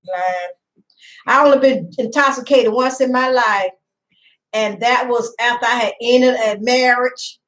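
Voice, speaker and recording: A woman's voice: on the high side, fairly bright tone, rough recording. A middle-aged woman hosting a casual home live stream, rambling and chatty, greeting viewers by name and laughing often. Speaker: livestream host.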